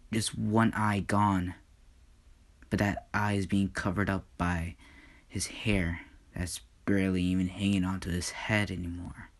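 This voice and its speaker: A man tells an improvised fan story slowly, with long pauses and a somewhat low voice. He often drops to a hushed whisper at the dramatic moments and stumbles now and then as he goes.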